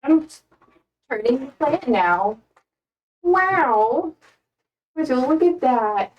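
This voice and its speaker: A woman's voice: high voice, expressive, slow pace, lo-fi sound, a little hiss or hum. Young American woman streamer, playful and self-deprecating, slightly distant from the mic. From United States. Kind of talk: casual chat while repotting plants.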